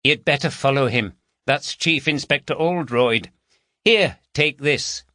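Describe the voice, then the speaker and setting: A man's voice: medium pitch, a little slow, bright, forceful tone, no room sound, pitched above the performer's own voice. A man voicing a matter-of-fact female police receptionist. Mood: amused.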